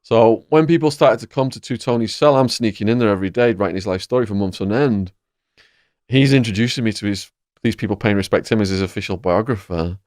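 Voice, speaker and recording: English man, lively podcast storyteller. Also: fairly low pitch, fast talker, no room sound, studio quality. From England. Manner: vivid, animated storytelling. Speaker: podcast host. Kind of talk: storytelling in a conversation.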